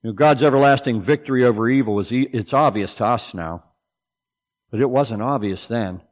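A man preaching a sermon, swinging between loud, emphatic declarations and low, hushed asides. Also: brisk, long reverb tail.

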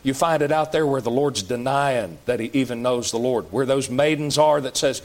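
A man's voice: medium pitch, normal speed, hardly any pauses. A man preaching a sermon in a church, folksy and plain-spoken, asking the congregation question after question. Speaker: pastor.

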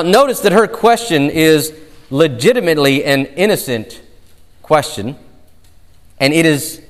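A man preaching a sermon as a pastor, emphatic and given to drawn-out storytelling. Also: a little high, fairly bright tone, in a large hall.

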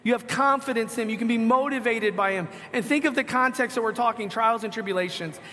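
A man with a high, bright voice preaches a sermon, reading passages of scripture aloud. He asks his listeners questions and answers them himself. His voice rings with the long reverb of a hall. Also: fast, a little hiss or hum. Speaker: pastor.

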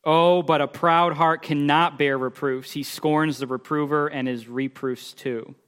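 Male preacher, slow and emphatic sermon delivery, slightly high voice, echoing hall sound. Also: fairly even intonation, smooth. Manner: emphatic, rising and falling in loudness, reads scripture aloud. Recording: long hall reverb.

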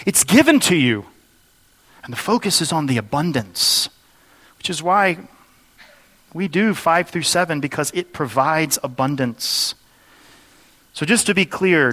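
A man preaches an earnest, explanatory sermon, his voice sitting a little higher than most men's. He works through the text and poses rhetorical questions to the congregation. His words ring out with a long reverb in a church sanctuary. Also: bright, forceful tone. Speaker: pastor. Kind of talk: expository sermon.

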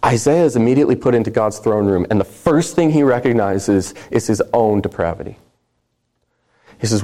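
A man's voice: on the low side, moderate pace, dark tone. A man preaching a sermon, reading scripture aloud with earnest emphasis.

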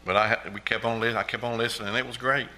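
Earnest man, bright church testimony. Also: mid-range voice, fairly even intonation, racing, low-quality recording. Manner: earnest, repetitive, exclaims praise. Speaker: church member giving testimony. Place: church sanctuary.

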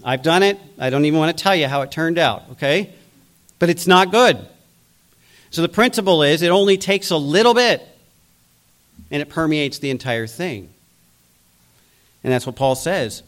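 A man's voice: fairly high pitch, animated, moderate pace, pauses often. A man preaching a sermon, acting out biblical figures' voices as he goes. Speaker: pastor.

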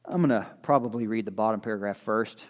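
A pastor talks quickly through his sermon, following his notes. His voice climbs to loud pronouncements, then drops to soft, low asides, all in a folksy, conversational style.

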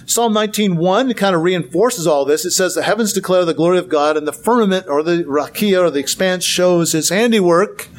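A man's voice: sits high, a little fast, hardly any pauses. A man giving a Bible lecture with slides, earnest, asking rhetorical questions and repeating words for emphasis. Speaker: Bible teacher.

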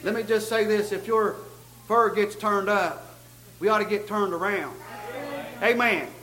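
A man's voice: sits high, unhurried, bright, forceful tone, reverberant, rough recording. A middle-aged man preaching a sermon in a church, with folksy emphasis and frequent stammered restarts. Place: church sanctuary.

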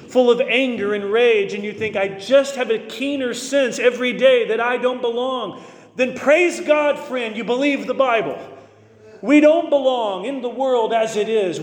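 A man preaching a sermon as pastor, earnest and emphatic, slowing to stress key phrases. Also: sits high, echoey room, big-room sound.

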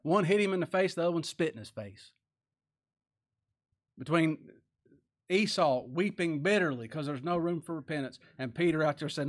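A man preaching a sermon, reading scripture and speaking plainly, swinging between loud emphatic lines and quiet low asides. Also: normal speed, pauses often. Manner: folksy plain-spoken grammar, reads scripture aloud.

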